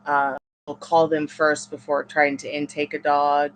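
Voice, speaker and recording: A woman reading tarot on a live stream, chatting casually with viewers and rambling in halting, restarting sentences. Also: deep voice, monotone, slight background noise.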